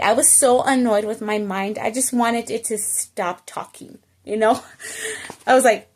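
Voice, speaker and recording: A woman telling a personal story in a casual vlog, animated and chatty, checking in with the listener and slipping into bits of Spanish. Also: on the high side, a little slow. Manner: animated, keeps checking in with "okay?" and "you know?". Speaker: storytelling vlogger.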